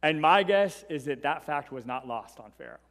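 A male preacher gives a Bible lesson in a relaxed, conversational tone, punctuating his points with rhetorical questions. His voice sits slightly high. Long reverb from a large hall trails behind his words. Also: moderate pace. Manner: conversational, tags points with "right?". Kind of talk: sermon, Bible teaching.

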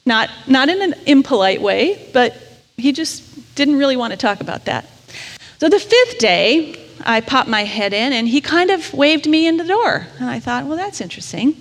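A woman's voice: high voice, sing-song, moderate pace. A woman preacher telling a story in a sermon, in a conversational, candid and self-deprecating way. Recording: long reverb of a large hall.

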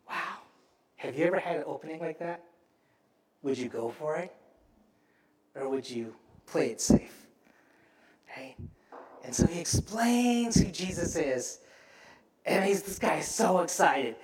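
Male pastor, sermon, animated storytelling, lively swooping pitch, roomy church echo. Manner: animated storytelling, acts out voices.

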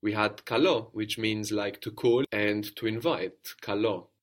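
Patient male language teacher, lowish voice. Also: fairly even intonation, measured pace. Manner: patient, prompting, repeats answers and confirms. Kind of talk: guided language lesson.

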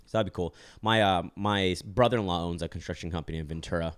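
A man's voice: low-pitched, quick pace. A young man hosting a podcast, chatting casually with plenty of fillers and jokes. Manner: rambling, filler-heavy, joking. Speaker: podcast host. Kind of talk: casual chat.

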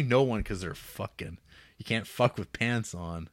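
A man's voice: fairly low pitch, normal speed. A man co-hosting a film podcast, talking casually and profanely, laughing and acting out scenes with sarcasm. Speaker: podcast co-host reviewing films.

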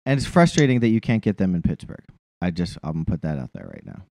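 Man, podcast co-host, casual chat, rambling, profane, lively pitch, dry close sound. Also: quick pace, gravelly, dry recording.

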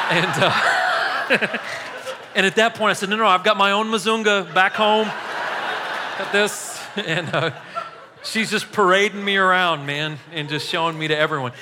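A man preaching a sermon, telling a story in a casual, animated way and laughing along as he goes. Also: fairly high pitch, background noise. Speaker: pastor. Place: church hall. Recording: echoey hall.

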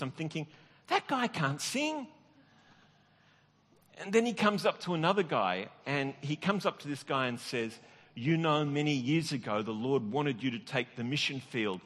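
Preaching a sermon full of personal anecdotes, this middle-aged pastor sounds easygoing and self-deprecating, chuckling and starting his sentences over again and again. His voice is slightly high for a man, and a large hall gives it a long reverb.

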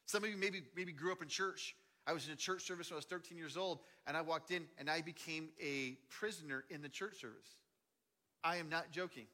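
A man preaching a sermon as a pastor, telling stories animatedly, swinging between loud and hushed delivery. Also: on the high side, brisk. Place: large church auditorium. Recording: long hall reverb.

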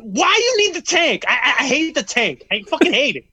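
Bright-voiced male co-host, blunt and profane, dry close sound. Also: extremely high pitch, big pitch swings, fairly quick, no room sound, poor audio. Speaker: podcast co-host. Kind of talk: casual chat.

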